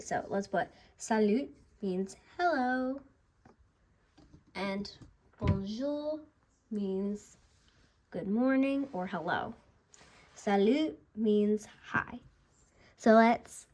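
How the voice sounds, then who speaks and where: A woman at a middle pitch gives a relaxed beginner lesson on her own channel. She talks in an unhurried, chatty way, restarting sentences and drawing out each word so learners can follow. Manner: chatty, repeats and restarts, slow deliberate pronunciation. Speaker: language teacher, channel host. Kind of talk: casual beginner language lesson.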